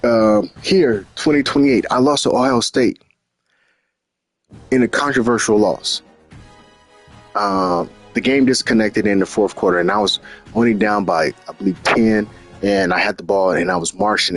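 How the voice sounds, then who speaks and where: A man casually recapping his video game season, animated and profane, often repeating himself. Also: medium pitch, normal speed, gravelly, faint music behind. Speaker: gaming channel host.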